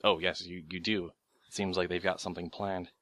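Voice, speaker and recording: A man running a tabletop game as game master, relaxed and hesitant, with many pauses and ums. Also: deep voice.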